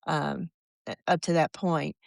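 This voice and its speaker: An American woman in her sixties, a podcast guest telling rambling, animated stories and acting out the voices of people she quotes. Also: sits low, unhurried, creaky, no room sound. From United States. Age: 60s. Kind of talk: casual storytelling.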